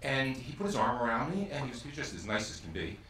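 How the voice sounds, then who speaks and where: A man's voice: medium pitch, sing-song, fast, fairly bright tone, a little hiss or hum. Man telling a stage anecdote, roomy. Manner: chatty storyteller, self-deprecating. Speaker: stage performer at an event. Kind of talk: anecdote told to a live audience. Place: theater stage before an audience. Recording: roomy hall, distant mic, music behind.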